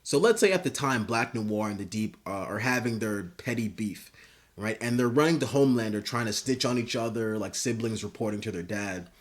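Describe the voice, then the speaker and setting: A man's voice: on the low side, fairly quick. Brief: young guy, laid-back profane fan commentary, rambling. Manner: rambling, filler-heavy, profane. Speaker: YouTube commentator. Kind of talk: casual comedic commentary.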